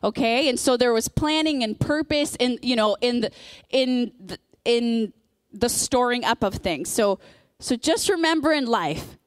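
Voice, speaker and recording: Lady preacher, chatty sermon, kinda high voice, super dry sound. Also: no echo. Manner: conversational, personal storytelling with fillers.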